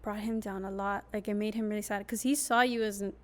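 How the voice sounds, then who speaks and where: A woman's voice: mid-range voice, steady tone, fast talker. A young woman hosting a casual podcast, telling a story in a chatty way and acting out what others said. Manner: chatty storyteller, acts out quoted voices. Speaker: podcast host.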